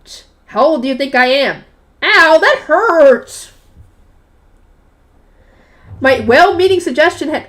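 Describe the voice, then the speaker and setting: A young woman with a high voice reads a novel aloud and keeps breaking off for loud, chatty reactions and questions to her audience, mixing book reading with casual commentary.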